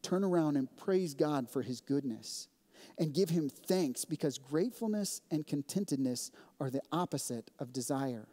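A man delivering a sermon as pastor, earnest and measured, recorded in a church sanctuary. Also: on the high side, lively intonation, dark tone. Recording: long reverb of a church hall.

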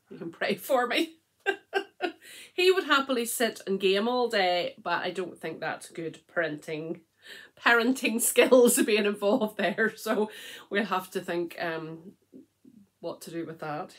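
A middle-aged woman talks to camera at home in a relaxed, rambling way. Her voice sits a little low. She fills pauses with ums and laughs easily. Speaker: knitting podcast host. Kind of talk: casual chatty vlog.

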